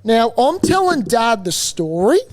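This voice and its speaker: A man co-hosting a podcast, telling a long story in a lively, laughing, sweary way. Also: very high voice, unhurried. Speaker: podcast co-host. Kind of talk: casual storytelling chat.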